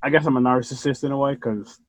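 A man hosting a podcast, chatting casually and rambling with animated bursts and casual swearing. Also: medium pitch, quick pace, no echo, rough recording. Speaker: podcast host.

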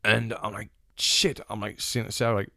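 A gravelly, lowish yet slightly bright male voice talks fast with little pitch movement. The speaker is a young retired boxer from England with a Sunderland accent, chatting through a casual story, swearing freely and mimicking the people in it. Dry recording, clean studio sound.

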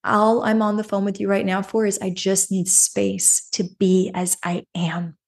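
A woman's voice: medium pitch, flat delivery, measured pace, gravelly, breathy edge. A woman hosting a podcast, telling a personal story and giving self-help advice in an earnest way, often adding a questioning "right?". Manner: earnest, repeats phrases, frequent rhetorical "right?". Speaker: podcast host.

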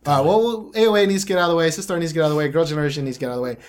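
A man co-hosting a casual music review chat, animated and quick to break into mock rants with swearing. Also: fairly high pitch. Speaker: co-host reviewing music videos.

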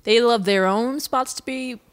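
A woman's voice: a little high, unhurried, no room sound. A woman co-hosting a casual podcast, bubbly and chatty, laughing a lot as she tells stories. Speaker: podcast co-host. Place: home podcast setup, Chicago.

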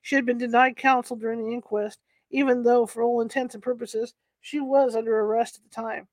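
A woman's voice: a little high, steady tone, a little fast, no room sound. Dry, unpolished woman reading aloud. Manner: unpolished reading, stumbles over words and corrects herself. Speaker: narrator. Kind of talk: reading a historical account aloud.

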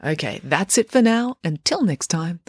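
Woman reading a storybook, lively and low. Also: moderate pace. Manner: expressive, playful narration. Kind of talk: reading a children's story aloud.

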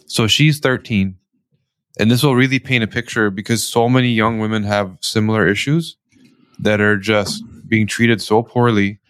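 A man from Canada, a guest, telling a family story in lively conversational style with quoted dialogue. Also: fairly low pitch, normal speed, clear, resonant tone, no echo, clean studio sound. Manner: animated, tells stories with quoted dialogue. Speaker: guest, company founder.

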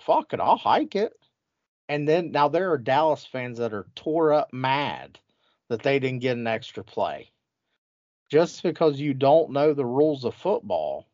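A man's voice: medium pitch, no room sound, dull audio. Crude, mocking man ranting about football. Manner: mocking, crude, animated storytelling. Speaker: podcast host. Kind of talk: profane sports banter.

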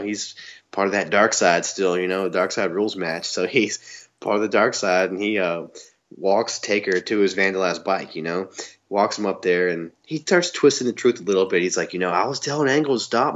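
A man's voice: deep voice, moderate pace, a bit bright, lo-fi sound. A man from the US South co-hosting a podcast, chatting casually and laughing often. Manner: laid-back, laughs often, says "man" and "you know". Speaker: podcast co-host. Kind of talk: casual chat recapping wrestling.

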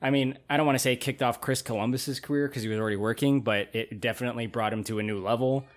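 A man's voice: mid-range voice, fairly even intonation, fast talker. A man in his thirties, a podcast host, chatting loosely about old movies, swearing and laughing often. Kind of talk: casual chat.

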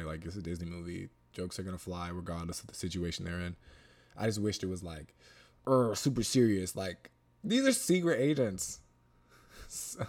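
Lower-voiced man rambling through a review. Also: dark tone. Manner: rambling, lots of fillers and restarts; emphatic, repeats himself for stress. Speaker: movie reviewer. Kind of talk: casual spoken film review.

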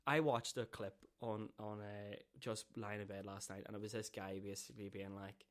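A man's voice: on the low side, flat delivery, normal speed, fairly bright tone. A man co-hosting a casual podcast, rambling and swearing often as he jokes about himself. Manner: swears a lot, rambling and self-mocking. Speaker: podcast co-host. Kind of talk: casual chat.

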